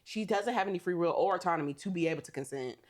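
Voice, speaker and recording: A woman's voice: on the low side, lively intonation, rapid-fire, darkish tone. A woman co-hosting a podcast, animatedly recapping a movie in casual chat, swearing and laughing often. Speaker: podcast co-host.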